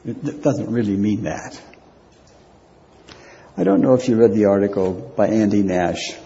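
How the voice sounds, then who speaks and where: A man preaching a sermon as pastor, speaking deliberately and repeating key phrases for weight. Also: on the low side, expressive, vocal fry, mellow, highs cut off, slight background noise.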